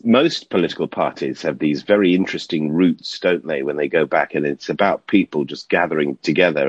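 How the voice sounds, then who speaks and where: Deep, husky man on a dull line. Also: no echo. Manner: chatty, wry, explanatory. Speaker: regular commentator. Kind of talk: casual commentary.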